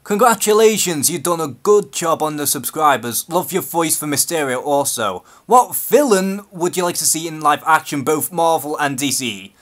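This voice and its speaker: A man's voice: on the high side, lively intonation, moderate pace, hardly any pauses, a bit bright. A man from Liverpool with a Scouse accent, hosting a live-stream Q&A and speaking in a nervous, hesitant, unscripted way. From Liverpool, England. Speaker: YouTube channel host.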